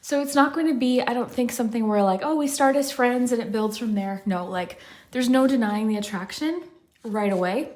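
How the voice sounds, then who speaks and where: A woman gives a casual pick-a-card tarot reading, sounding out of breath as she chats and rambles with plenty of "like" fillers. Her voice is on the high side and darkish, at a moderate pace.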